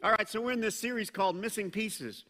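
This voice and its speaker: A middle-aged man preaches a sermon in a loose, conversational way, tossing in jokes and sudden bursts of emphasis. His voice is bright and sits a little high for a man. The sound rings out with the long reverb of a large church hall. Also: quick pace. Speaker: pastor.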